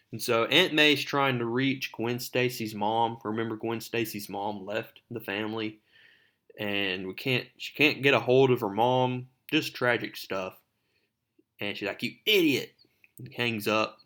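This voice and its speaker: A man's voice: medium pitch, fairly even intonation, measured pace, fairly bright tone. A man narrating a comic book recap in a conversational way with asides.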